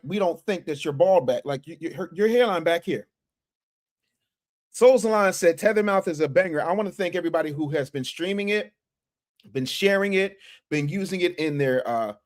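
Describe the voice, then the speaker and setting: A man hosting a casual livestream, talking to his chat in slang and reading out super chats from his office. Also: on the high side. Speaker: livestream host.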